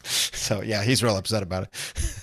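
A man's voice: on the low side, moderate pace, a bit bright, slightly rough, no echo, clean studio sound. A man chatting as a podcast guest, rambling through asides and laughing often. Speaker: podcast guest, comedy songwriter. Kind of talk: casual interview chat.

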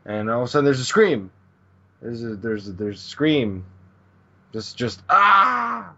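Male co-host, husky and low, casual recap, lo-fi sound. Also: normal speed. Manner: narrates scenes loosely, with swearing and quoted lines. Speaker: podcast co-host. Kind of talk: casual chat recapping a manga.

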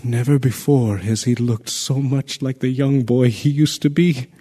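An actor playing a messenger in a radio play, telling a terrible event urgently and vividly. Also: male voice, medium pitch, fairly even intonation, measured pace, mellow, slightly rough. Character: breathless male messenger bearing terrible news.

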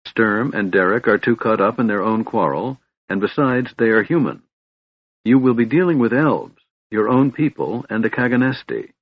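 A man voicing a wise older cleric who speaks gently but firmly, in a fatherly way, read from an audiobook. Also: lowish voice, expressive, normal speed, slightly rough, no echo. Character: wise older male cleric, calm and firm. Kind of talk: audiobook reading. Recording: dull dry recording.

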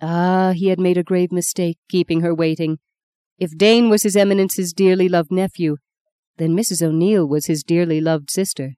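A woman narrating a novel in a steady, unhurried storytelling voice. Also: on the low side, smooth, no room sound, studio quality. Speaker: audiobook narrator. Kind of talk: scripted narration.

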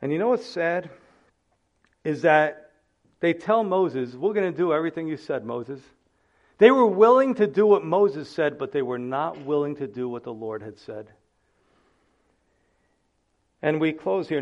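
A man's voice: fairly high pitch, animated, moderate pace, dull audio. A man preaching a sermon as pastor, earnest, acting out the people in the text.

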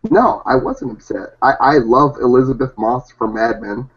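A man from Hawaii, a hobby rapper, talking loud, brash and profane in a casual interview. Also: medium pitch, normal speed. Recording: dull lo-fi audio.

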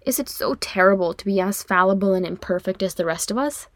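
A woman voicing a small, cheeky young male dwarf who teases his older brother in a high, pleading tone, for an audiobook reading. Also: brisk, no room sound, natural voice. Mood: earnest. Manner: bright, teasing, high and pleading.

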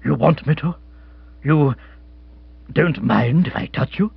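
A gallant but crushed British colonial hunter who confesses in a low, earnest mutter, as a male narrator puts him on. His voice is husky. The sound is dull and dry. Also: slow, no room sound, exaggerated voice. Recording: dull, dry close recording.

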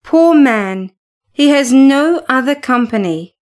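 A woman's voice: sits high, expressive, slow pace, darkish tone. A woman voicing a dutiful household servant who speaks in a soothing, firm and earnest way.

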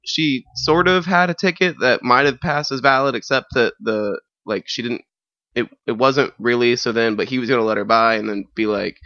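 Bright-voiced young man telling a story. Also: mid-range voice, normal speed, no room sound, muffled recording. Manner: animated, acts out other people's voices in the anecdote. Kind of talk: casual conversational storytelling.

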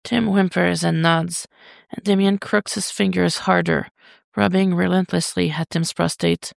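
A woman reading fiction aloud as a podfic, in a steady, unhurried way. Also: on the low side, creaky, no echo, clean studio sound. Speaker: podfic reader. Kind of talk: slow fiction narration.

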